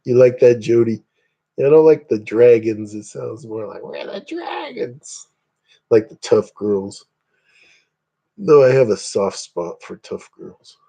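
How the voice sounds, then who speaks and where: Here a Northeast Indiana man with a dark, mid-range voice takes his time. As host of an easygoing livestream, he chats at length and greets each viewer by name.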